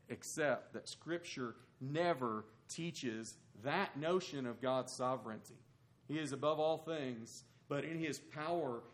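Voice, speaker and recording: A man delivers a sermon in a fairly high voice. He preaches emphatically, climbing to loud, high points and then sinking low and quiet to press his argument.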